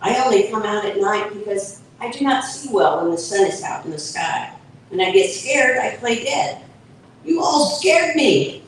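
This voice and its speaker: A woman's voice: mid-range voice, animated, normal speed, a little hiss or hum, lightly acted. Woman reading as a timid opossum girl, storybook, roomy hall, far mic. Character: shy female opossum who plays dead. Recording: echoey event hall from far off.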